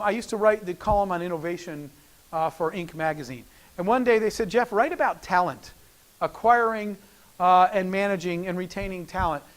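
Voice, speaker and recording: High-voiced man telling an emotional story. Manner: animated storyteller acting out quoted dialogue. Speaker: keynote speaker. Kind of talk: storytelling speech.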